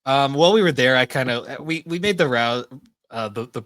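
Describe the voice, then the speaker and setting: A man's voice: medium pitch, fairly quick, a bit bright. A young adult man co-hosting a podcast in casual chat, rambling and swearing freely. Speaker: podcast co-host.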